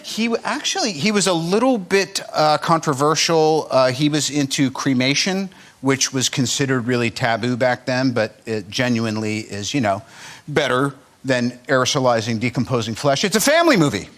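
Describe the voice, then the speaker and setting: A man's voice: mid-range voice, animated, normal speed, fairly bright tone. A man, a talk show guest telling wry, rambling stories. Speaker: guest actor.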